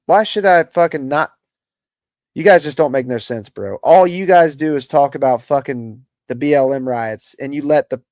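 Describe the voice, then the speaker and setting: A man's voice: medium pitch, a little mellow, dry recording. A man hosting a political livestream, ranting in casual, profane, exasperated commentary full of "bro" and "dude.".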